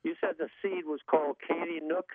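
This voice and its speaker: A man calling into a radio show, friendly and a little halting. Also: on the high side, fairly even intonation, dry recording, narrow, tinny audio. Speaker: caller. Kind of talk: phone call-in.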